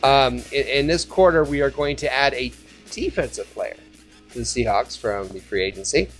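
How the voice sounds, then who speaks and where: A man hosting a casual sports fan podcast, joking around and sometimes breaking into loud shouts. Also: mid-range voice, animated, normal speed, faint music behind. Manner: jokey, bursts into shouting. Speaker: podcast host.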